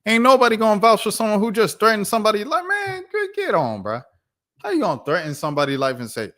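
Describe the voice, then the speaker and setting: A man's voice: a little high, brisk. Fired-up young man ranting about sports news. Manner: animated, incredulous rants with slang and repeated "bro". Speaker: sports commentary host. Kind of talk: reacting to news while reading articles aloud.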